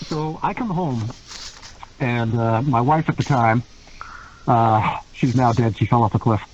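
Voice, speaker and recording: A man, a wrestler guest on a podcast, telling stories in a joking, animated way and acting out the other people's voices. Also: medium pitch, unhurried. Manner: animated, jokey, acts out voices in his stories. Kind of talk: casual storytelling. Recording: slightly dull lo-fi sound with faint noise.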